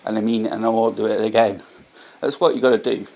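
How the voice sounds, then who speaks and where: A vlogger speaks to camera in a low-leaning, creaky, mellow voice, quick and fairly even in intonation. He earnestly reflects on his faith without a script, often repeating points and restarting sentences.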